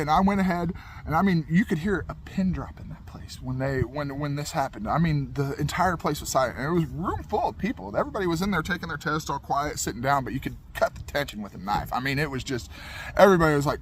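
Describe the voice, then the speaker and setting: A man's voice: fairly high pitch, sing-song, quick pace, fairly bright tone, slight background noise. A young man casually telling a funny personal story in a rambling, repetitive, laid-back way.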